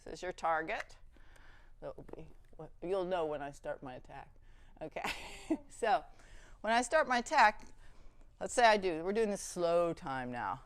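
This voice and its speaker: A woman instructor leading a hands-on training demonstration, brisk and practical, often checking in with "okay?". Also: lowish voice, expressive, slight background noise.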